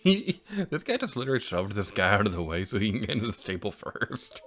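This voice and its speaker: A man's voice: on the low side, big pitch swings, brisk, fairly bright tone, soft background music. A man hosting a let's play, chatting casually over his gameplay and laughing often.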